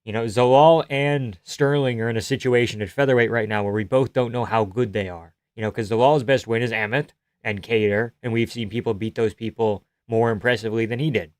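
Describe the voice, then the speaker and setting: A male streamer talks casually on a live stream, answering his chat in a loose, rambling way with plenty of swearing and laughter. His voice sits at an ordinary middle pitch and sounds close and dry, with no room echo. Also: steady tone, a little fast, few pauses.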